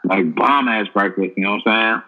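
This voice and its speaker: A man's voice: on the low side, normal speed, narrow, tinny audio. A man co-hosting a casual chat, rambling with many fillers and profanity.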